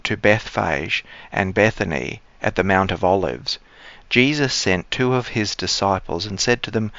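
A man leading liturgical prayers and reading the Gospel aloud as a priest, in a solemn, measured way. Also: on the low side, a bit bright, dry recording, highs cut off.

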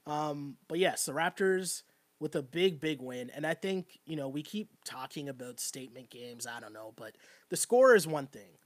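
A man hosts a loose sports talk stream, animated and rambling, with frequent laughs. His voice sits a little higher than most men's. The sound is close and dry. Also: moderate pace, no room sound. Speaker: podcast host.

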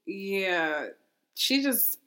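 A woman banters on a casual podcast, playful and doubtful, tossing off quick exclamations. Her voice sits at a middle pitch for a woman. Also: animated, a bit bright. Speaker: podcast co-host. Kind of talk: casual chat.

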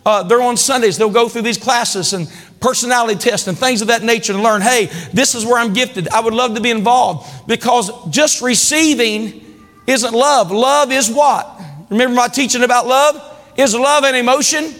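A man preaching a sermon as pastor, calling for amens and building to shouts. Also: very high voice, moderate pace. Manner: preaching with call-and-response, rising to shouts. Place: large church hall. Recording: long church hall reverb.

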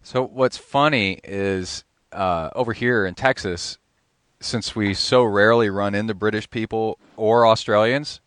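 A man's voice: on the low side, unhurried, a bit bright, clean tone, dry recording. A man hosting a podcast interview over a Skype call, chatty and joking, laughing often. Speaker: podcast host. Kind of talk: casual interview chat.

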